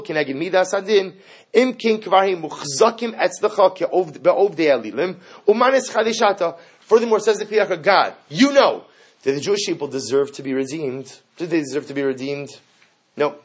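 A man teaching a Torah class in a husky, slightly raised voice. He talks in an animated way, fires off rhetorical questions and weaves Hebrew terms into his English. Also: fairly high pitch, a little fast.

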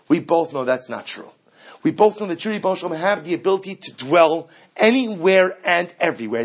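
A man delivering an impassioned sermon as a rabbi, building from quiet reflection to fervent, near-shouted pleading. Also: high voice, expressive, a little fast.

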